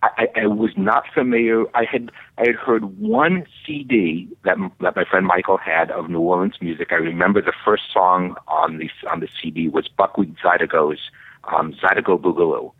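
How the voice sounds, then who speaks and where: A man in his fifties with a Boston accent, a guest calling in, talking in a halting way with many fillers and restarts. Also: deep voice, husky, no echo. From Boston area. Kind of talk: casual chat. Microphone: phone. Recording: tinny phone line.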